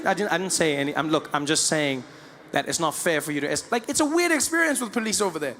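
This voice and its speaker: A man with a South African accent doing stand-up comedy, animated and playing the people in his stories. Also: on the high side, quick pace, big-room sound, a little hiss or hum. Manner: animated, switches into playful character voices. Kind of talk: stand-up comedy with acted dialogue.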